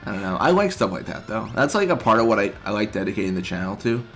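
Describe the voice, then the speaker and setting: A man streaming a video game, chatting casually in a relaxed, rambling way with lots of filler words. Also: fairly low pitch, quick pace, faint music behind. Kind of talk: casual live-stream chat.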